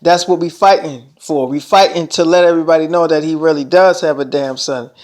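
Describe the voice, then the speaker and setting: A man's voice: fairly high pitch, fairly quick, a little mellow. A man telling a long story in casual talk, rambling and swearing a lot, often saying "I'm like" and "she's like". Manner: rambling, heavy profanity, repeats "I'm like, she's like".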